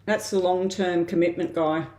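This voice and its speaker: A woman giving a live-stream tarot reading in a casual way, thinking aloud with frequent ums and pauses. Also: on the low side, fairly even intonation, darkish tone. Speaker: tarot reader. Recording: roomy echo.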